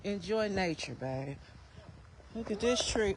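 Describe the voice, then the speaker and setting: A slightly high-pitched woman walks an outdoor park trail, a little out of breath as she talks. She chats and teases her kids in a casual vlog, recorded on a handheld phone with faint noise behind her. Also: animated, unhurried. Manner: chatty, teasing, talking to her kids while walking. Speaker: vlogger and mother.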